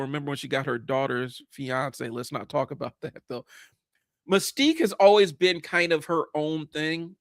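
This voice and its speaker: A man's voice: on the high side, no echo. A man in his forties hosting a livestream, talking casually and bluntly about comics, rambling with many fillers and restarts. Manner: blunt, casual, swears at times. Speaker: livestream host. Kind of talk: casual comic book commentary.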